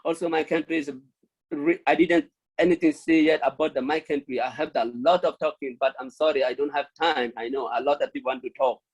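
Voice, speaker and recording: Pleading man from Myanmar, halting English. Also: on the high side, steady tone, husky, poor audio. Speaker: refugee speaker. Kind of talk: speech at an online launch event.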